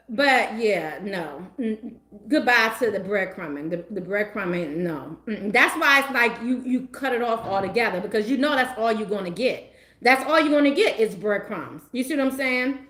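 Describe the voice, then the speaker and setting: A woman tarot reader chatting casually to her viewers, animated and emphatic, breaking into laughter and slang as she rants. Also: a little high, echoey room. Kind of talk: casual livestream chat.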